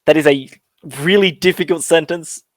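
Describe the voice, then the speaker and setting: A man narrating as dungeon master in a rambling way, often pausing to search for words with lots of fillers. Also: on the high side, fairly even intonation, no echo. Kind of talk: narrating a tabletop game.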